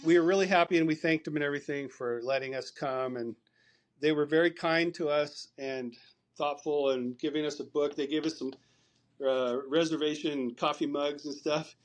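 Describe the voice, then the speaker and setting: A man's voice: a little high, fairly even intonation, moderate pace. A man, a podcast guest, telling a long story over a remote call, rambling and repeating words as he recounts conversations.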